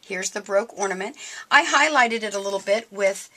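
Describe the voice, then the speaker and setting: Bright, chatty woman demonstrating crafts. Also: mid-range voice, brisk. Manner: chatty and enthusiastic, showing her projects. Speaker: craft store presenter.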